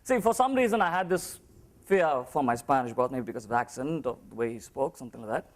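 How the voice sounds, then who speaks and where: A man's voice: medium pitch, expressive, quick pace. A man from Chennai with an Indian English accent, giving a humorous contest speech and mimicking other accents in his story.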